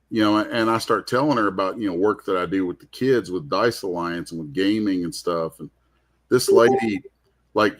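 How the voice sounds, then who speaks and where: A man hosting a comic art show, telling a rambling, heartfelt story in casual chat. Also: low-pitched. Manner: rambling, heartfelt, restarts often. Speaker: comic artist host. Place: convention booth.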